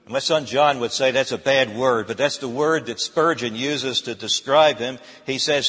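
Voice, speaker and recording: A man's voice: mid-range voice, moderate pace, few pauses, fairly bright tone, husky, big-room sound. A male pastor retelling a story in his sermon, hesitating often with fillers and restarts.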